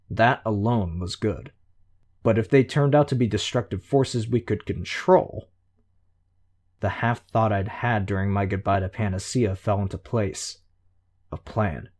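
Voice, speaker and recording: A man reading a novel aloud in an even, measured first-person narration. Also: fairly low pitch. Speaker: audiobook narrator.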